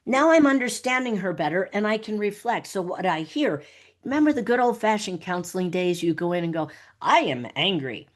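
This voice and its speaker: Animated woman telling it like it is. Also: mid-range voice, brisk. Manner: animated, laughs often, acts out dialogue. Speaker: podcast guest. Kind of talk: conversational podcast interview.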